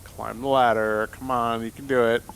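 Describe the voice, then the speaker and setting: A man's voice: medium pitch, level tone, normal speed, vocal fry, slight background noise. A man hosting a live game stream, playfully muttering to himself as he plays and joking with friends. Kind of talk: casual live-stream chat.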